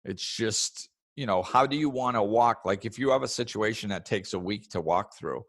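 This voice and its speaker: A man hosting a casual spiritual self-help podcast, talking in a relaxed way and acting out other people's words in raised voices. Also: lowish voice, moderate pace, dry recording, studio quality. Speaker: podcast host.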